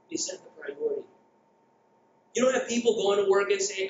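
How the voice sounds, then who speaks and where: A middle-aged man from the Philippines giving a jokey, energetic conference talk and asking the crowd questions. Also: sits high, moderate pace, pauses often, slight background noise. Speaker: conference speaker. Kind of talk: keynote presentation. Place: conference hall. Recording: echoey dull hall recording.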